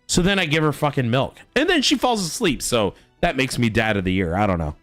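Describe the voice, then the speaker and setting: A man's voice: mid-range voice, brisk, hardly any pauses, dry recording, faint music behind. A man streaming a game, telling stories about his toddler in a casual, swearing chat. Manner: animated storytelling, swearing. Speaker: father.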